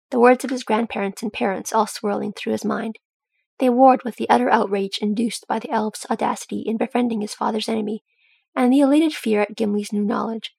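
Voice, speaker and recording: A woman reading a fan story aloud in a steady storytelling manner. Her voice is husky with some gravel, and the recording is dry and close. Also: on the high side, dry recording. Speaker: audiobook reader.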